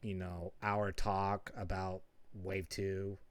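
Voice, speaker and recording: A man's voice: deep voice, flat delivery, slow. A man hosting a stream in casual chat, laid-back and loose, swearing freely. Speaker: stream host.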